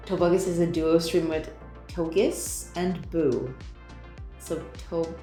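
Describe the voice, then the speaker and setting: A woman's voice: lowish voice, takes it slowly, dark tone. A young woman hosting a game development livestream, greeting viewers and chatting casually, laughing often and tripping over her words. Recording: roomy echo, faint background music.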